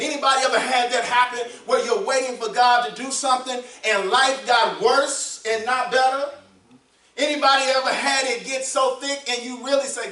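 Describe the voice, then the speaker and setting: A man's voice: extremely high pitch, normal speed, sharp tone. A man preaching a sermon as pastor, asking the congregation questions and building his points up. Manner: preaching with call-and-response questions. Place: church sanctuary. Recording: roomy echo, mic at a distance.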